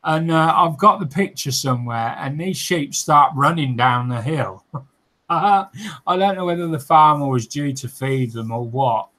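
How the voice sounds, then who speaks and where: A man's voice: fairly high pitch, a little slow, fairly bright tone, poor audio. A man hosting a modelling livestream, chatting casually and reading out viewer comments, often laughing, with lots of fillers and restarts.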